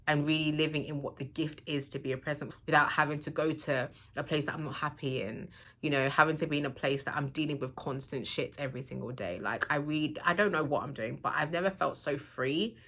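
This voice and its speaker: A woman vlogger with a low voice speaks in a heartfelt, intimate way, as if talking straight to one viewer. Her tone is bright and forceful. She gives earnest encouragement rather than a polished speech. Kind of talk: heartfelt motivational vlog talk.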